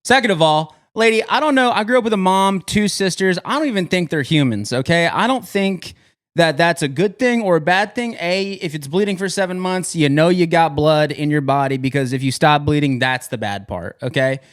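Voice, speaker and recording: A man, a comedian contestant, delivering an improvised comedic rant full of profane, incredulous rapid-fire questions. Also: on the high side, animated.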